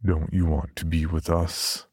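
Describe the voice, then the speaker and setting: Horror audio drama: a man voicing a menacing undead schoolmate, deep and gravelly, slow and beckoning, with faint music behind. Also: flat delivery, darkish tone, no echo, clean studio sound, full character voice. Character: tall fleshy undead man, former classmate, menacing.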